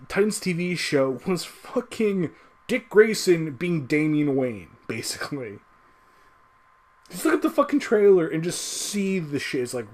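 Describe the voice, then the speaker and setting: A heated video creator rants casually to camera, cursing throughout, his pitch swinging lively as he goes.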